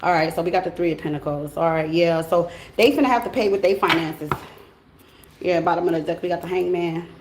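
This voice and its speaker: A woman's voice: on the low side, fairly quick, roomy sound, background noise. Blunt, profane woman reading tarot cards. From United States. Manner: blunt, profane and animated, with slang. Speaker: tarot reader. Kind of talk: casual tarot reading monologue.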